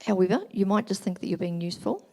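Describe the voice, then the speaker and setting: A middle-aged woman giving a talk at a church family weekend, explaining gently and acting out examples. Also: mid-range voice, lively intonation, quick pace. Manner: gentle, explanatory, acts out examples in quoted voices.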